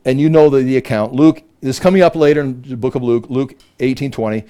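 A man teaching a Bible study, emphatic and animated, often repeating words as he works through a point. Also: medium pitch, fast, few pauses.

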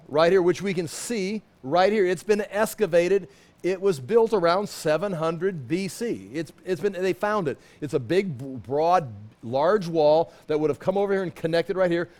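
A middle-aged man teaching a Bible study in a loose, conversational way, pointing out places on a map and often restarting his sentences. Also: high-pitched. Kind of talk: sermon.

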